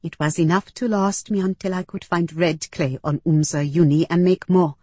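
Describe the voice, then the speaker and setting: A woman reading a first-person story aloud as an audiobook narrator, in an unhurried, earnest way. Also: lowish voice, steady tone, mellow, husky, no room sound.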